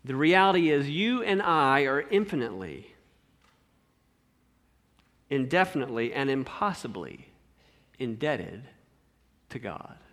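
A man preaching a sermon in an animated way, swinging between loud emphasis and hushed asides. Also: mid-range voice, unhurried, long pauses. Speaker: pastor.

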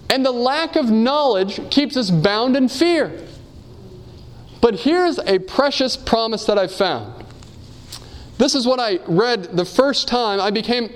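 A man with an unusually high-pitched voice delivers a sermon. He talks earnestly, asks his listeners question after question, reads quotations aloud and drifts into personal stories. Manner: earnest, asks the audience many rhetorical questions. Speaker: preacher.

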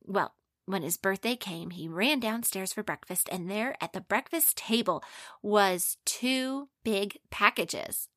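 A woman telling a children's story expressively, dropping to hushed asides. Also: mid-range voice, takes it slowly, dry recording, clean studio sound.

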